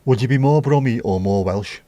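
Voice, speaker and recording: Mellow-voiced man rambling on a livestream. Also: mid-range voice, a little fast, dry recording. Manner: rambling, musing aloud, addressing chat directly. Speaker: livestream host. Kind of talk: casual chat with live viewers.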